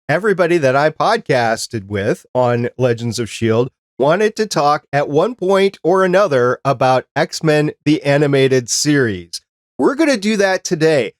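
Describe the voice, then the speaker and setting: A man's voice: mid-range voice, no echo, clean studio sound. A man hosting a casual podcast chat, talking in an easygoing, rambling way. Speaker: podcast host.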